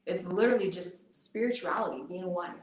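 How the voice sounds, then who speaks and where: A tarot reader appearing as a podcast guest chats casually, earnestly explaining spiritual ideas with plenty of fillers. Her voice is fairly low and a little fast, recorded in a roomy space, distant from the mic.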